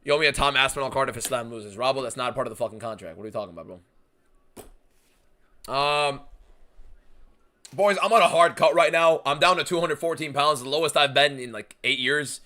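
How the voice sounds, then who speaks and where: A young man hosting a live fight watchalong stream, talking casually and excitedly, swearing a lot and reading out viewer messages. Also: medium pitch, fast talker. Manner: excitable, profane, reads chat aloud.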